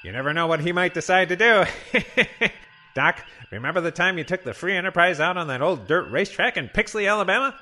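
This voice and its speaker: A cocky starship captain, played by a man, who snaps out jaunty orders. His voice is high, bright and bouncy, with plenty of swing in the pitch. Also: expressive, a little fast. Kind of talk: comedy audio parody.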